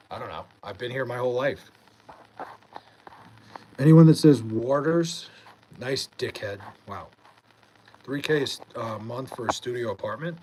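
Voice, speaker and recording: A man's voice: mid-range voice, slight background noise, rough recording. A young man from Long Island, New York, streaming live and casually reading and answering chat messages, laid-back and swearing freely.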